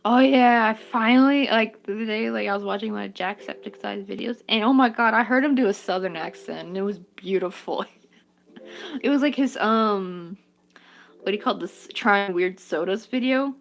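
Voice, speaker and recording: Chatty woman with a gravelly edge. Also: medium pitch, moderate pace. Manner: chatty, giggly, talks to her work and to chat. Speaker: crochet vlogger. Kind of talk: casual chat while crocheting.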